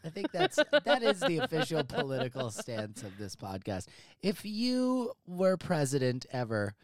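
A man hosts a movie podcast from his home office, swearing freely and spinning out long, overblown riffs. His middle-pitched voice sits dry and close to the mic, with no room sound. The delivery is loose, jokey chat. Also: big pitch swings, moderate pace, no echo. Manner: profane, hyperbolic, rambling. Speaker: podcast host. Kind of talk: casual comedic chat.

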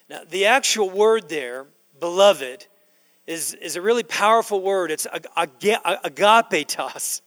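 A middle-aged male pastor preaching a sermon in a church, slowing down to stress key words and building to loud emphasis. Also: a little high, expressive. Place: church sanctuary. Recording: long hall reverb in a church.

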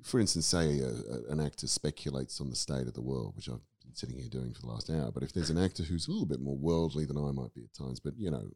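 An Australian man with an exceptionally deep voice talks through his views on acting in a relaxed podcast chat. He is thoughtful and rambling, often restarting his sentences as he works toward a point. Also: quick pace, few pauses. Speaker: guest actor and acting teacher. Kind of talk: casual podcast discussion.

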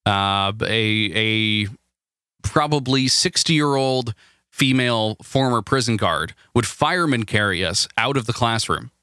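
A man's voice: mid-range voice, measured pace, bright, forceful tone, clear, resonant tone, no echo, studio quality. A man hosting a casual comedy podcast, rambling through stories with stammers and laughs. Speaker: podcast host.

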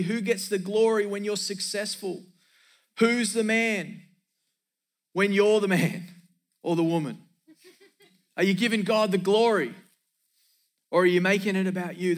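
A man's voice: sits high, a bit bright. A man preaching a sermon as pastor, emphatic, repeating key lines for effect and dropping in joking asides.

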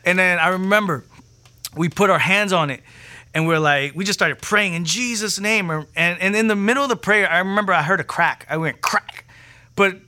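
A man gives his personal testimony as a preacher, in a bright, forceful voice pitched a little high. He tells it casually and with slang, acts out the people he quotes, and repeats words as he gets excited. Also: fairly quick.

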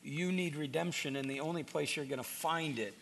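A man delivers a sermon in an earnest, pleading way, stumbling over repeated words as he builds his points. His voice is gravelly with fry and sits a little high for a man. A faint hum runs under the recording. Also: fairly quick, fairly bright tone. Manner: earnest, repeats words when starting sentences. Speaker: pastor.

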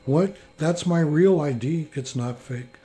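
A fed-up young guy at the till, complaining and exasperated, as a male reader puts him on. his voice sits fairly high and sounds mellow. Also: a little slow, husky. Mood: irritated. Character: frustrated young male customer.

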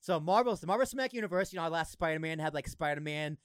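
A young man hosting a podcast, chatting casually, excitable, swearing and laughing a lot. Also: a little high, racing, clear, resonant tone, dry recording. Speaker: podcast host. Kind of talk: casual chat.

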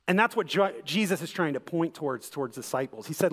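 A man's voice: fairly high pitch, expressive, brisk, hardly any pauses. A young man preaching a sermon, earnest and conversational, telling a personal story before building to a fervent close. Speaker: pastor. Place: church sanctuary. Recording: reverberant church hall.

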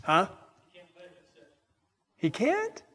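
A middle-aged man preaching at a deliberate, unhurried pace, leaning hard on key words and turning aside to chat with the congregation. His voice sits a little high for a man and carries a long reverb through a church hall. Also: huge pitch swings, fairly bright tone. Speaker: pastor. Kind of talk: sermon.

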